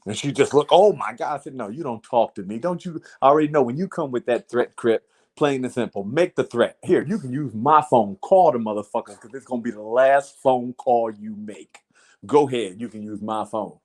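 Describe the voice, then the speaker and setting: A man's voice: medium pitch, brisk. A man casually telling a long story to friends in a blunt, profane way, repeating "I said" as he retells it. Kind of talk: casual chat.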